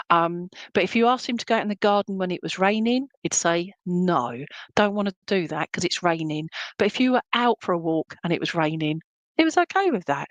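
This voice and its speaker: A woman's voice: on the low side, dry recording. A woman giving a live psychic reading, reassuring and chatty, checking in often with "okay?". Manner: chatty and meandering, many fillers. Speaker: psychic medium.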